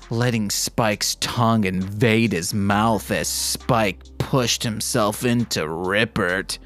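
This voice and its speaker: Slow-reading man with wry asides. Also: mid-range voice, a bit bright. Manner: wry, self-mocking commentary between read passages. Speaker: podcast host. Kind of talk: reading fan fiction aloud with joking asides.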